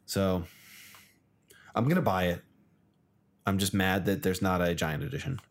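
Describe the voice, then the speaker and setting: A man from the United States, co-hosting a casual chat, chatty and quick to laugh. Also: low voice. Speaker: co-host.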